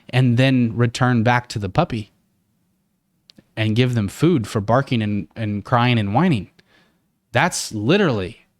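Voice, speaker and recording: A man who trains dogs, hosting a podcast: he reads out a list of steps, then gives his own opinion in a relaxed, conversational way. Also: mid-range voice, no room sound, clean studio sound. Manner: conversational, with fillers and restarts. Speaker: dog trainer and podcast host. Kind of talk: casual podcast commentary.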